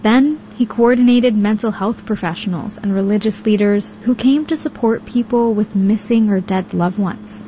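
A woman reporter narrating a radio news feature in a measured, even way. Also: mid-range voice, lo-fi sound, a little hiss or hum.

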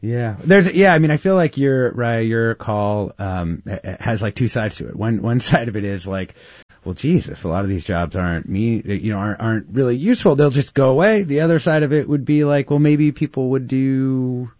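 A man's voice: mid-range voice, expressive, moderate pace, darkish tone, no room sound, dull audio. A man hosting a call-in radio show, welcoming callers and responding briefly and hesitantly. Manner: friendly, brief acknowledgments, hesitant. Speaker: radio host.

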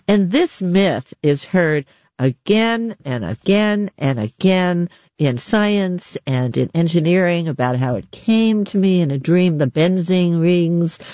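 Playful, animated interview host. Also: mid-range voice, slow, no echo, dull audio. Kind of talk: conversational interview.

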